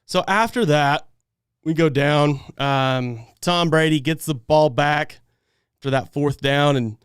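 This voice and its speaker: A frustrated man rants on a post-game fan stream, his raised voice smooth and clear. He veers from heated outbursts to low, weary muttering, recorded dry and close with no room behind him. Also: animated, normal speed, dry recording. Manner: frustrated, ranting, swings between loud outbursts and low muttering. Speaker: fan podcast host.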